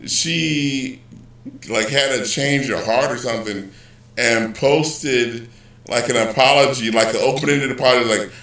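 A man's voice: mid-range voice, measured pace, fairly bright tone. A man rambling casually in a vlog, joking and correcting himself as he goes. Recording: roomy, distant, poor audio.

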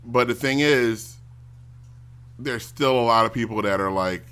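A man ranting casually to a stream audience, animated and given to mocking impressions. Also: medium pitch, unhurried, long pauses, clear, resonant tone. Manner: animated, mocks others in loud exaggerated voices.

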